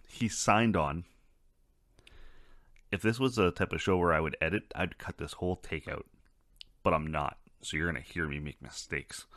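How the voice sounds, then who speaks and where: A man's voice: sits low, a bit bright, no echo, studio quality. A man hosting a casual solo podcast, talking in a loose, rambling and profane way. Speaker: podcast host.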